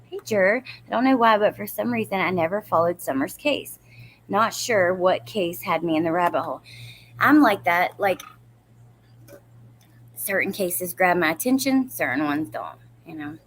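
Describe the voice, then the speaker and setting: A woman's voice: fairly low pitch, lively intonation, moderate pace, slight background noise. A woman in her thirties hosting a casual true crime livestream, rambling and greeting viewers by name as she reads their comments.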